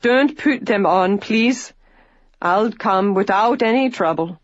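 An audiobook reader voicing an accused male factory worker who protests and pleads, a little higher and slower than the narration. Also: no room sound, dull audio, close to an everyday voice. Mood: protesting.

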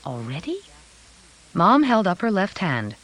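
Woman narrator, low voice, lively pitch, expressive storybook reading. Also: normal speed, rough recording. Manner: expressive, varied, reading aloud. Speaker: audiobook narrator. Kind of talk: first-person storybook narration.

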